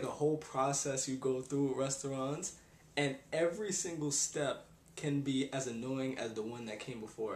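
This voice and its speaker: A man's voice: mid-range voice, gravelly, a little hiss or hum. A young man, ranting in a casual vlog with exasperated sighs and slang. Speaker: vlogger. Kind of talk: casual rant. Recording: echoey room.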